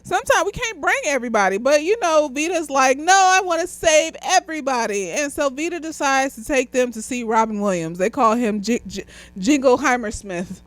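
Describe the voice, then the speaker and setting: A woman's voice: high-pitched, expressive, moderate pace, no room sound. A young woman, a therapist a little tipsy, rambling through a casual movie review with lots of swearing and laughter. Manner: rambling, profane, laughs often. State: slightly tipsy.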